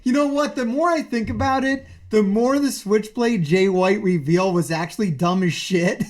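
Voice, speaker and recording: A man streaming, ranting about a wrestling show in a profane, excitable way, full of incredulous questions. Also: extremely high pitch, normal speed, hardly any pauses.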